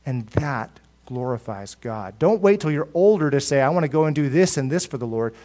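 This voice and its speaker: A male pastor preaching a sermon, rising to loud emphatic peaks and dropping to soft, low asides, often repeating words as he goes. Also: lively intonation, brisk.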